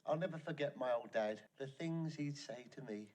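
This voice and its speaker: An actor playing an impish, cheeky male servant in a film, who talks quickly and teases. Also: medium pitch, lightly acted. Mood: reminiscing. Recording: echoey film audio with loud noise.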